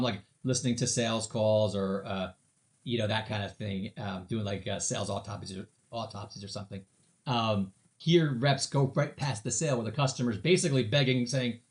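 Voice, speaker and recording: A man talking as a sales trainer in a casual interview, telling stories and acting out other people's voices with lots of restarts. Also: medium pitch. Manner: animated storyteller, acts out voices of customers; many fillers and restarts.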